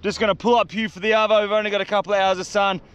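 A young Australian man vlogging a solo survival trip outdoors, excitable and slangy, talking straight to camera. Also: high-pitched, racing, clean tone, no room sound. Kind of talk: casual outdoor vlog. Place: outdoors on a beach in the bush.

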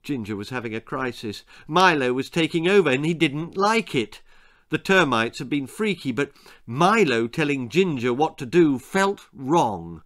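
A man reading his own spooky children's story aloud with unhurried, dramatic delivery. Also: mid-range voice, big pitch swings, a bit bright.

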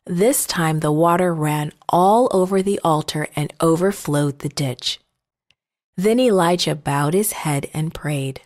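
Brief: woman narrator for children's Bible stories, lower-pitched, very unhurried, gentle delivery. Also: lively intonation.

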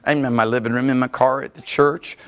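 A man, a pastor, preaching a teaching sermon with animated storytelling, laughing often and breaking into shouts. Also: mid-range voice, fairly quick.

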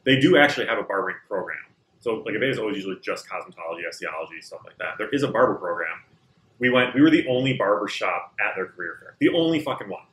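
A man's voice: fairly low pitch, animated, fast, a bit bright. A man who co-hosts a barbershop podcast, telling self-mocking stories casually with some swearing. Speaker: barbershop owner, co-host. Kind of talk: casual chat. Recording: roomy echo.

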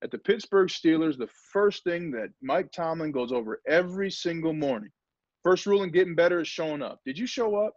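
A former pro football player speaking energetically and emphatically in a motivational talk over a video call. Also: male voice, on the high side, brisk, no echo. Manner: energetic, emphatic, acts out quotes. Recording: dull lo-fi video call audio.

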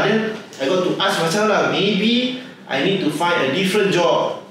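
A man's voice: high voice, sing-song, normal speed, a bit bright, slight background noise. A man in his thirties with a Singaporean English accent, answering viewers' property questions in a casual, joking livestream full of local particles. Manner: chatty, joking, Singlish particles. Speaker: property agent and livestream host. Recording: very echoey room, distant mic.

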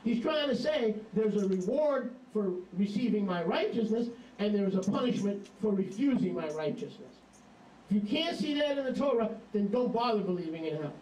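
A man preaching a sermon in an emphatic, animated storytelling manner, recorded from a distance in a hall. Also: high-pitched, moderate pace.

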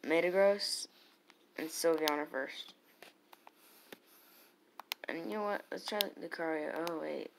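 Excitable muttering woman commentating her gameplay. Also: low voice, slow, creaky, pauses often, background noise. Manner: excitable, muttering, bursts into loud cheers. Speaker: gamer commentating own battles.

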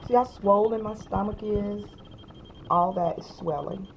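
A weary woman in pain giving a casual personal health update as a vlogger at home, soft-spoken and halting, with many ums and sighs. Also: medium pitch, vocal fry, slight background noise. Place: home, indoors.

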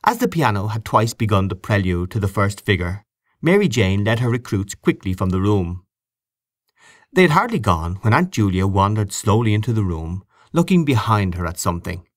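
A man narrating a literary audiobook in a measured, expressive way. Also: fairly low pitch, no echo, studio quality. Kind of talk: audiobook reading of literary fiction.

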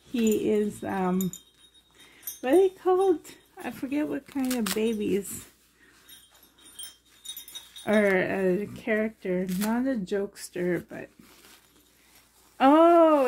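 A woman's voice: on the high side, warm tone, a little hiss or hum. A woman collector gushing with delight as she unboxes reborn dolls for a vlog.

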